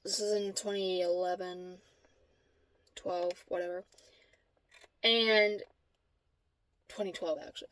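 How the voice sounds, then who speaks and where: A woman's voice: sits high, animated, normal speed, dry recording. A woman vlogging to camera, telling a story in a blunt, profane, exasperated way. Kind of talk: casual storytelling vlog.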